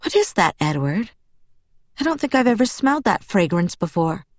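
A woman reading an audiobook, voicing a wary, sharp-tongued female vampire who talks in tense, rising tones. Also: medium pitch, very animated, normal speed, no echo. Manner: tense, alarmed, snapping. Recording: dull, dry audiobook recording.

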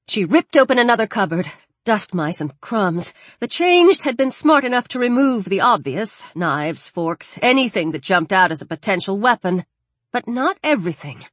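A woman reading a horror story aloud in a measured, dramatic narrating style. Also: medium pitch, lively intonation, no room sound. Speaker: audiobook narrator.

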